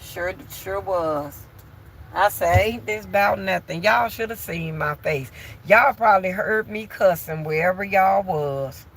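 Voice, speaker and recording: A woman's voice: lowish voice, slow, fairly bright tone, slight background noise. A woman vlogger chatting bluntly and candidly to her viewers from home while doing chores. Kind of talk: casual chat to viewers.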